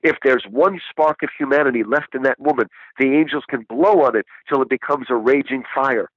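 A man voicing a wise older male Scottish spirit guide with a Scottish accent, speaking slowly and gently over a dull, dry lo-fi recording. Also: mid-range voice, breathy edge, no echo, close to an everyday voice. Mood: musing.

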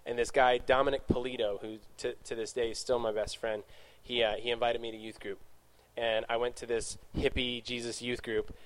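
A man's voice: mid-range voice, little pitch movement. A man speaking casually to young adults, telling his own story in a Q&A and correcting himself often as he talks. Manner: rambling, self-correcting, quick asides. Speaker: youth speaker.

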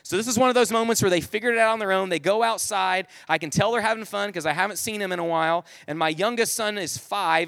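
A man tells a funny family story in a loose, self-mocking, chatty way. His voice sits high for a man and sounds close and dry, with no room around it. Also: fairly bright tone, no room sound. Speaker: speaker telling a family story to an audience. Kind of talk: humorous storytelling talk.

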